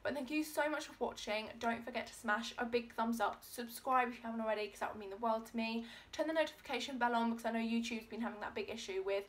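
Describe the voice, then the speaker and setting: A young woman hosting an excited beauty unboxing vlog, gasping and gushing as she talks. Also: on the high side, fast talker, hardly any pauses. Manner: gushing, gasping, lots of "oh my god". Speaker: beauty vlogger.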